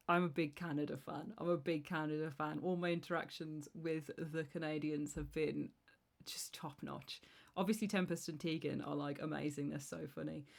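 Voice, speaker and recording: A woman's voice: low-pitched, creaky. A woman in her thirties, streaming and chatting casually with a rambling, self-deprecating manner full of restarts. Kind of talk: casual chat.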